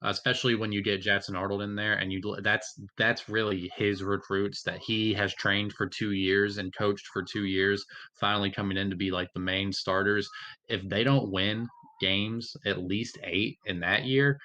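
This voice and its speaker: A man's voice: fairly low pitch, fairly even intonation, normal speed, pushed and bright. A man who is a guest on a casual sports podcast, stammering through restarts as he hedges his opinions.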